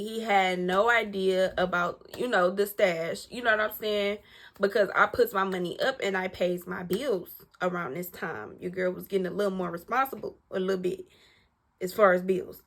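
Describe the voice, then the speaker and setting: Woman vlogger, mid-range voice, lively profane storyteller who acts out every quote. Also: mid-range voice. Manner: animated, profane, acts out dialogue, addresses viewers as y'all. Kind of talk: casual storytelling to camera.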